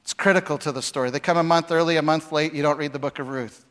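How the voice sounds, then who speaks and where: A man preaching a sermon, with dramatic swings between loud, acted-out lines and hushed, quiet passages. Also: fairly high pitch, steady tone, fast talker. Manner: dramatic, acts out voices with big swings from shouting to hushed. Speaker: pastor.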